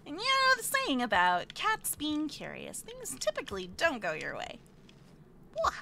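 A woman's voice: high-pitched, huge pitch swings, unhurried, gravelly, noisy background. A woman streaming a game live, chatting playfully with her viewers, fake-whining and squealing at what happens on screen. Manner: playful, chatty, reads chat aloud.

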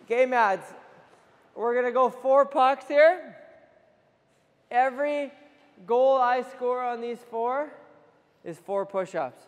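High-voiced, energetic goalie coach in a rink. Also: male voice, slow, long pauses. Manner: energetic, playful trash talk between drills. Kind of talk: on-ice coaching session. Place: indoor ice rink. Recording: echoey rink with faint noise.

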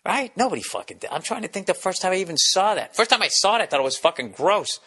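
A middle-aged man hosts his podcast in a loose, profane comedic monologue. His voice sits slightly high and rings bright and forceful. He tumbles through stories with frequent restarts and swearing. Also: sing-song, breathy edge. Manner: profane rambling storytelling with quick restarts. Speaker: podcast host.

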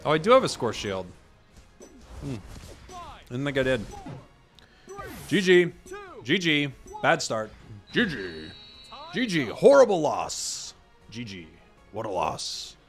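A young man casually commenting on his matches as he plays, rambling and telling deadpan joke stories. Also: medium pitch, a little slow, pauses often, soft background music. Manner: rambling, joking, deadpan tall tales. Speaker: gaming channel host.

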